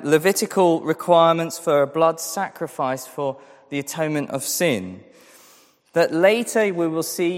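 Pastor, male, fairly high voice, earnest sermon delivery, echoing hall. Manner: earnest, repeats phrases for emphasis.

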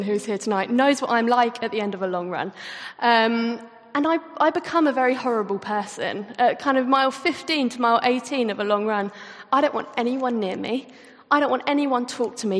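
Young woman preaching in an echoing hall. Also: on the high side. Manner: earnest, self-deprecating and chatty. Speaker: youth speaker. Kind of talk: sermon talk with storytelling. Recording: reverberant hall.

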